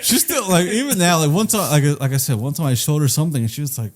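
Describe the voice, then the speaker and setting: A man's voice: a little high, lively intonation, quick pace, hardly any pauses. A man co-hosting a comedy podcast, telling rambling, profane stories with frequent laughs. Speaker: podcast co-host. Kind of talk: casual comedic chat.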